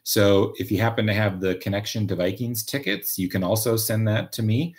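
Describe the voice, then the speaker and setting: A man's voice: on the low side, fairly even intonation, fairly quick. A man from Minnesota, casually hosting a live stream, chatting and reading viewer comments with lots of fillers and restarts. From Minnesota, USA. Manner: rambling, many fillers and restarts. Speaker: livestream host.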